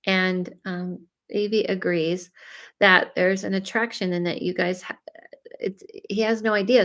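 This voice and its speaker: A woman's voice: medium pitch, fairly even intonation, unhurried, fairly bright tone. A woman, chatting through a live psychic reading with lots of fillers, speaking straight to the people she reads for. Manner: chatty, many fillers, talks straight to viewers. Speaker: psychic medium. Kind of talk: live reading, casual chat.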